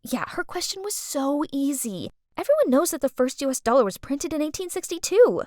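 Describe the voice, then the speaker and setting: A woman's voice: high voice, sing-song, brisk, a little mellow, dry recording. Woman doing a gossipy teen kid, sneering, dry close sound. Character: gossiping teenage student.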